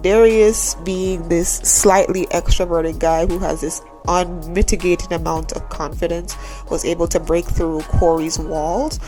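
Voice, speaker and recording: A woman's voice: lowish voice, fairly even intonation, unhurried, dark tone. Woman, tired, casual rambling chat, gaming vlogger, faint music behind. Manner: chatty, rambling, repeats pleas to subscribe. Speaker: Sims YouTuber.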